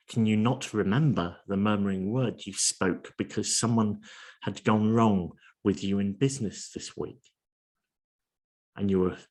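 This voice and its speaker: A man preaching a sermon in an earnest, measured way, asking his listeners question after question. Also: fairly low pitch, darkish tone.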